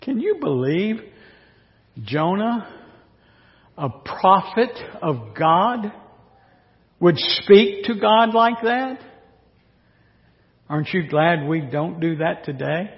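A man's voice: high-pitched, animated, slow pace, long pauses. A male pastor preaching a sermon in a wry, joking way, full of rhetorical questions. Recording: dull recording with long hall reverb.

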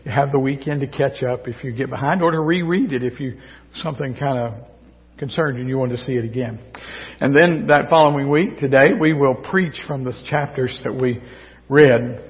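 A man preaching a sermon to his congregation in a folksy, joking way, his voice a little hoarse because he is losing it. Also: mid-range voice, moderate pace. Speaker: pastor. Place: church sanctuary. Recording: distant, dull church recording with long reverb.

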